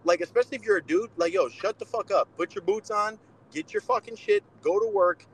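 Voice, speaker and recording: A young man with a slightly high voice talks in a loose, swearing, no-nonsense way. He co-hosts a casual podcast and tells stories about fighting with blunt energy. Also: fairly quick, slight background noise, low-quality recording. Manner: profane, blunt storytelling. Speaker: podcast co-host, boxer.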